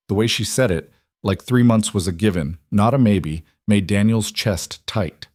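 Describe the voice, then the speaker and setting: A man narrating a scripted story in a measured, even storytelling manner. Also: fairly low pitch, dry recording, clean studio sound.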